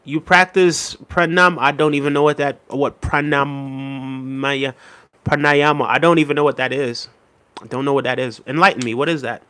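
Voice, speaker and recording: A man's voice: mid-range voice, normal speed, smooth. Laid-back man hosting a live stream. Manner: relaxed, conversational, laughs often, frequent "right?" and "big up". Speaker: livestream host reading chat. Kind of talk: casual live-stream talk.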